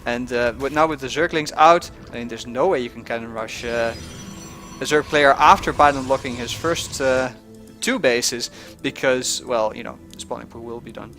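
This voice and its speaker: A man's voice: mid-range voice, normal speed, a bit bright, soft background music. A man giving casual commentary on a strategy game match, with lots of fillers, restarts and small chuckles. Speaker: game caster.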